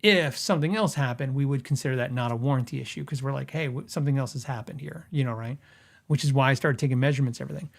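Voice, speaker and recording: A middle-aged man hosting a podcast, telling rambling, animated anecdotes in casual chat, acting out both sides of quoted conversations. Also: mid-range voice, fast, gravelly. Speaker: podcast host. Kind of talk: casual storytelling.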